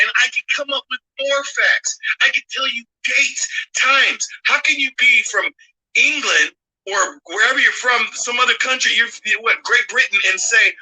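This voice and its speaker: A man's voice: very high voice, normal speed, pushed and bright, rough recording. A man arguing politics on a live stream, blunt and emphatic, pressing his points with a challenging "okay?". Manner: blunt and profane. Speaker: guest speaker on a live stream. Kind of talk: heated political argument.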